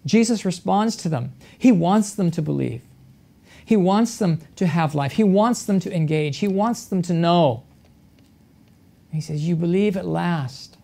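A pastor delivers a sermon at an even, unhurried pace. The speaker leans on rhetorical questions and repeats key phrases for emphasis. The voice sits in a middle pitch. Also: gravelly.

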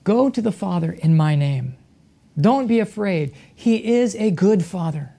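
A pastor preaching a sermon in a measured way, with rhetorical questions and repeated phrases. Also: medium pitch, expressive, gravelly, warm tone.

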